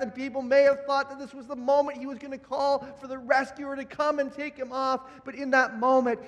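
High-voiced preacher in a reverberant hall. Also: male voice, flat delivery, brisk, hardly any pauses, soft background music. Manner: impassioned preaching, swinging from hushed to loud. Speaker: pastor. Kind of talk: Good Friday sermon.

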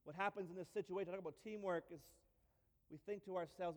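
High-voiced preacher in a reverberant hall. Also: male voice, steady tone, fast, a little mellow. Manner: emphatic, repetitive, with light humor. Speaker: pastor. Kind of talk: sermon. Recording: long reverb of a large hall.

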